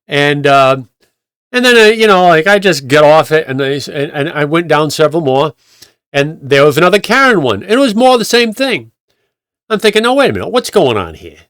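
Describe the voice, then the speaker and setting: A male pastor talks his way through anecdotes in a loose, conversational manner, restarting sentences as he goes. His voice sits a little high for a man. The recording is dry and close. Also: fairly bright tone, clear, resonant tone, no room sound. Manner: rambling, retells clips with acted quotes, many restarts. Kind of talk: conversational sermon storytelling.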